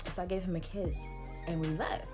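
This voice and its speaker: A woman in her twenties telling a storytime vlog in animated, slangy casual talk full of fillers. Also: lowish voice, a little fast, over music. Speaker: vlogger.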